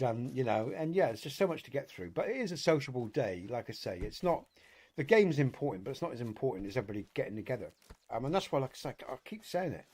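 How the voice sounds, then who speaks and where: A man's voice: fairly high pitch, a little mellow. A British man talking loosely to his live audience while he plays a hunting game. He rambles and circles back on himself, drops casual swearing, and leans on "you know" constantly. He sounds like an easygoing host of a regular stream. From Britain.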